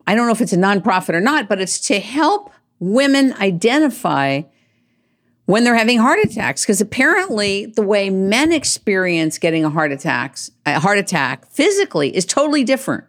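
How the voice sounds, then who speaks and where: An older woman hosting her own show, delivering an emphatic, rambling monologue and dropping her voice low for asides. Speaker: host. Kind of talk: opinionated monologue.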